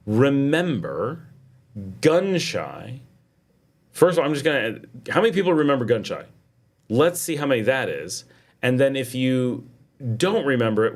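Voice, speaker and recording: A middle-aged man hosting a casual livestream, chatting and reading viewer comments aloud. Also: mid-range voice. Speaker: livestream host. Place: home in Nicaragua.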